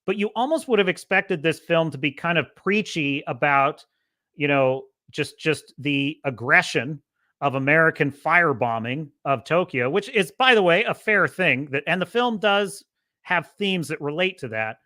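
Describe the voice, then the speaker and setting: A man's voice: fairly high pitch, animated, normal speed, sharp tone, no echo. A man hosting a podcast, giving an impassioned, profane movie commentary and mocking the people he criticizes. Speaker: podcast host.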